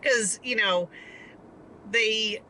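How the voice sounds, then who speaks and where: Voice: mid-range voice, extremely slow, a crowd in the background, low-quality recording. A co-host in a casual movie review chat, agreeable and rambling with fillers. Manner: agreeable, chatty, trails off in fillers.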